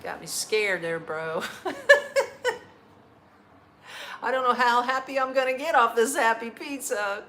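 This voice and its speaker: A woman's voice: on the high side, normal speed, few pauses, bright, forceful tone. A middle-aged American woman on a live stream, chatting casually with viewers, blunt and laughing, swearing freely. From United States. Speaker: vlogger answering live chat.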